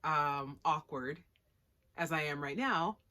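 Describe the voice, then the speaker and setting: A woman's voice: low-pitched, slow pace, pushed and bright. A young woman casually reviewing an anime episode at home, slangy and sarcastic with giggly asides. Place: home room with plushies.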